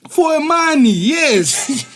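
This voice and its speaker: A man co-hosting a podcast in casual chat, animated and jokey, often laughing as he tells stories. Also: very high voice, extremely slow. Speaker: podcast co-host.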